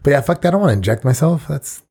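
A man's voice: fairly high pitch, big pitch swings, racing, warm tone, breathy edge. A young man co-hosting a casual podcast chat, rambling and profane, laughing as he tells stories. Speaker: podcast co-host.

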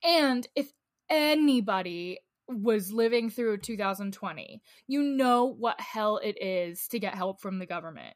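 A woman's voice: mid-range voice, lively intonation, measured pace, no echo, studio quality. A woman co-hosting a podcast in casual chat, ranting with rising anger. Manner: fired-up, rants and acts out angry scenes. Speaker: podcast co-host.

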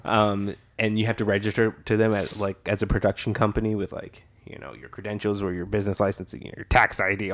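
A man with a fairly low voice hosts a loose podcast conversation from a living-room setup. He rambles, restarts his sentences and laughs his way through stories. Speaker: podcast host. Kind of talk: casual podcast chat. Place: living room home studio. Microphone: laptop podcast setup.

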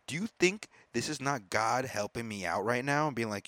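A man's voice: medium pitch, expressive, quick pace, few pauses, fairly bright tone, no echo. Profane, rambling comedian man. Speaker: comedian hosting a solo podcast. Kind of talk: casual monologue.

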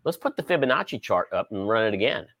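A man hosts a casual trading show, rambling through stock charts with lots of fillers and sports comparisons. His pitch moves in a lively way. The recording is dry and close. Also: quick pace, no room sound. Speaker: host. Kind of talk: casual market commentary.

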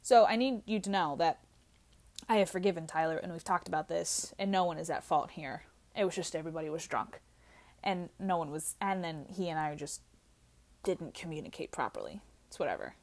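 A young adult woman tells a story casually, candid and animated. She swears freely and laughs at her own expense. She has had a few drinks. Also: sits low, fairly quick. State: drinking while talking.

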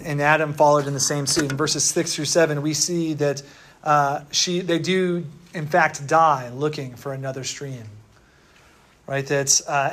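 A man's voice: a little high, fairly bright tone, a little hiss or hum. A man preaching a conversational sermon in a casual, chatty way, full of fillers and "right?" tag questions.

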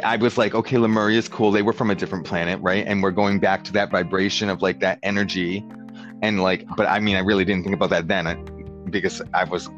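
A man rambles through a story in casual chat, his speech full of "like" and quick shifts into quoted voices. His voice sits low. The recording is dull and lo-fi, with faint guitar music underneath. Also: a bit bright.

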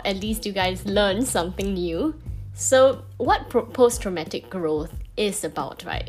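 Candid Singaporean woman talking to her phone. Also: mid-range voice. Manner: chatty, candid, many fillers and self-corrections. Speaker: vlogger. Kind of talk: casual personal monologue.

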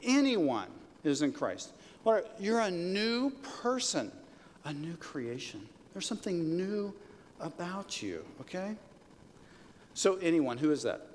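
A pastor with a slightly high voice preaches in a relaxed, conversational way, pushing up into emphatic peaks. His voice carries the long reverb of a big church hall, with faint noise underneath. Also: a little slow. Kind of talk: sermon. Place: church sanctuary.

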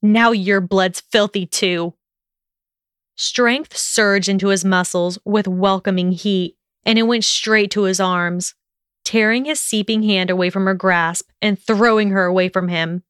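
A woman narrating a story in a steady, even storytelling manner. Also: medium pitch, a little slow, smooth, no echo, studio quality. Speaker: audiobook narrator. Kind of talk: scripted narration of fan fiction.

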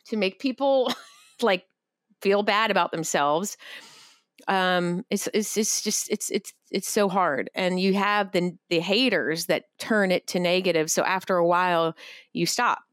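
Woman, podcast co-host, candid, blunt, fairly low voice, dry close mic. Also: a little slow, fairly bright tone, no room sound. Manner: candid and blunt, with casual swearing. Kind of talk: casual podcast conversation.

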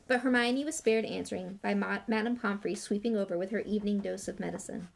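A woman's voice: medium pitch, steady tone, brisk, gravelly, hardly any pauses. A woman reading a novel aloud in a plain way with small slips and restarts. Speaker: audiobook reader.

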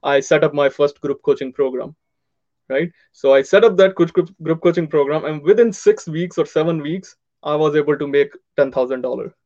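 A man's voice: fairly high pitch, normal speed, warm tone, lo-fi sound. A man telling his story as an interview guest, acting out both sides of past conversations.

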